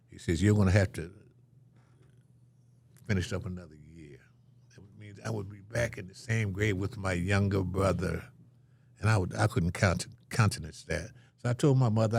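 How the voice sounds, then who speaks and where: A man's voice: fairly low pitch, gravelly, a little mellow, dry recording. An older man telling a story as an interview guest, acting out the voices of the people in it.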